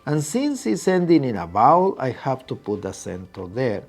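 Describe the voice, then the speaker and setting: A man's voice: mid-range voice, huge pitch swings, normal speed, faint music behind. A middle-aged man whose first language is Spanish, teaching a video lesson patiently and checking in with "right?" after nearly every point.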